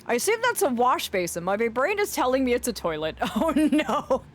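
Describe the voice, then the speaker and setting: A woman streaming a game, chatting playfully with her viewers and reading in-game journals aloud in a soft storytelling voice. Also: high-pitched, very animated, moderate pace. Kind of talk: gameplay commentary with a read-aloud journal.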